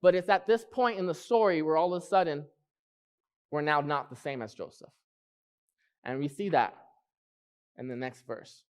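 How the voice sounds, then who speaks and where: A man preaching a sermon in church, earnest, repeating key phrases and slowing down to stress them. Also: fairly high pitch, darkish tone, clean tone.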